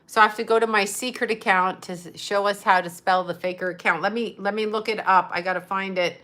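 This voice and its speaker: A woman's voice: mid-range voice, fairly even intonation, a little fast, bright, forceful tone. A woman, a psychic medium, chatting casually on a livestream, reading out comments and rambling in an exasperated tone, swearing freely, into a phone mic.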